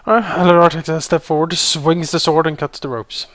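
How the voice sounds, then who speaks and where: A man's voice: fairly high pitch, steady tone, moderate pace, a bit bright, dry recording, studio quality. A man playing a tabletop game, describing his character's actions hesitantly with many fillers. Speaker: player. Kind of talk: casual tabletop play.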